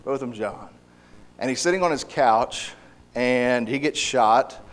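A man preaching a sermon in an earnest, halting way, often restarting and repeating words. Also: medium pitch.

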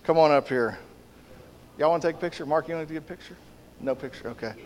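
A man preaching as a pastor in a church, relaxed and joking, with frequent fillers. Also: a little high, fast, slight background noise. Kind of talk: casual sermon with prayer. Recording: long church hall reverb.

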